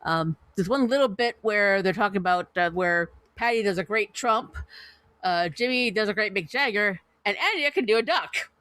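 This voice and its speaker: A woman's voice: medium pitch, lively intonation, moderate pace, fairly bright tone, no echo. A woman hosting a podcast, reviewing comedy clips in a chatty, giggly, enthusiastic way. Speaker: podcast host. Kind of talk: casual review chat.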